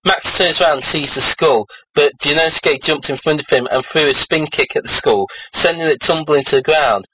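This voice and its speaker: A man's voice: fairly high pitch, normal speed, few pauses, a little hiss or hum. A man reading a story aloud for laughs and trading crude joking banter with a co-host. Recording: dull lo-fi recording.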